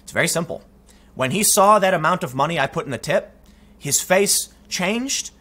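Male political commentator, emphatic and talky; forceful delivery with a husky rasp. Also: a little high, animated, normal speed. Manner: emphatic, conversational, frequent restarts. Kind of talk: opinion commentary, storytelling.

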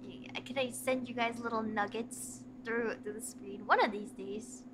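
A woman's voice: fairly high pitch, fairly even intonation, normal speed, noisy background. A woman hosting a stream in casual chat with a guest, chatty and often breaking into giggles mid-sentence. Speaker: streamer host.

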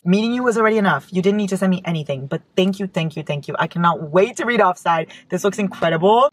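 A woman chatting casually in a car as a book vlogger, gushing and excitable, her voice jumping up into squeals. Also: low voice, no room sound. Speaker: book vlogger opening fan mail. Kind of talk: casual chat. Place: inside a parked car.

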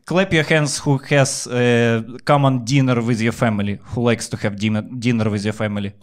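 Deadpan young Ukrainian stand-up comic. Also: male voice, mid-range voice. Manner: deadpan storytelling with filler pauses. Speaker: stand-up comedian. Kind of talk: stand-up routine.

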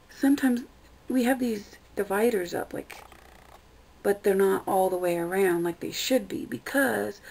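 A young woman vlogging, ranting in an exasperated, profane way with a gravelly voice. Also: fairly high pitch, warm tone, low-quality recording. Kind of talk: casual ranting vlog.

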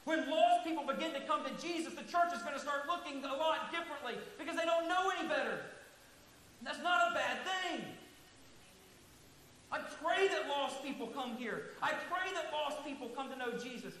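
A man preaching a sermon as pastor in a large church sanctuary, earnest and emphatic, slowing down to stress key words. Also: extremely high pitch, pushed and bright. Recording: echoey hall, faint hiss.

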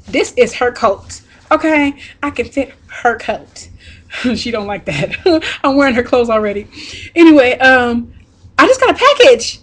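A young woman vlogging as she unboxes a package, excited and gushing, and laughing often. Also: sits high.

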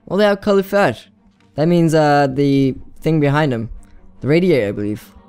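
A man's voice: a little high, moderate pace, a little mellow, smooth, soft background music. A young man chatting casually and rambling through a game playthrough, giggling often. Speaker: gaming YouTuber. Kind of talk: let's play commentary.

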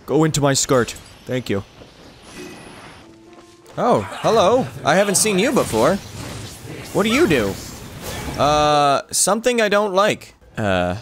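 A man's voice: on the high side, very animated, takes it slowly, long pauses, fairly bright tone, faint music behind. A man hosting a gaming channel, giving playful, jokey let's-play commentary.

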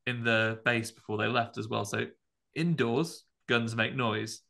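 A man's voice: medium pitch, steady tone, a little slow, gravelly, sharp tone. A man co-hosting a podcast, chatting casually and rambling through a film review with jokes. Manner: rambling, jokey, puts on voices in retellings. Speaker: podcast co-host.

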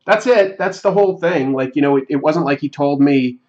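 A man hosting a livestream, telling a story in a rambling, reflective, halting way. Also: fairly high pitch, a little mellow, highs cut off. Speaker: livestream host. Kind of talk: casual storytelling while drawing on a livestream.

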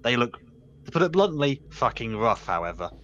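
A man's voice: medium pitch, big pitch swings, normal speed, a bit bright, highs cut off. Man as game master for a tabletop game, easygoing, mid voice, faint hiss on the line. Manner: casual, stumbling restarts, laughs at jokes. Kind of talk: narrating a tabletop game over voice chat.

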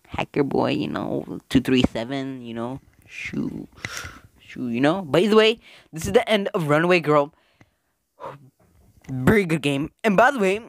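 Young male gamer reading a story game aloud, excitable, big pitch swings, dry close sound. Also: no room sound. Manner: excitable, animated, swings between mumbling and loud outbursts. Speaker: let's-play gamer.

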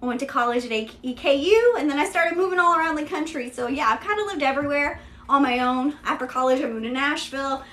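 High-voiced Kentucky woman hosting live sales. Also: quick pace, a bit bright, reverberant. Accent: Central Kentucky Southern drawl. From Kentucky, USA. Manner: chatty and upbeat, filler-heavy ("yeah", "there you go"). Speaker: host selling vintage luxury bags. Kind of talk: live-stream product showcase.

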